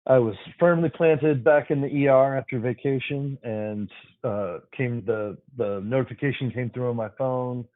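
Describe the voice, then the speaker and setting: A man with a medium-pitched voice talks at a moderate pace on a dry, phone-like remote line with no room sound. He's an emergency physician appearing as a guest on a casual podcast interview, upbeat and explaining things plainly.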